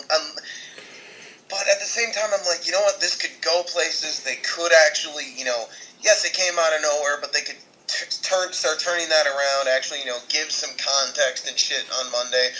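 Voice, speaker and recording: A man's voice: fairly high pitch, moderate pace, pushed and bright, low-quality recording. A young man co-hosting a casual wrestling chat, sardonic and swearing freely. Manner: profane, sardonic. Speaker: podcast co-host.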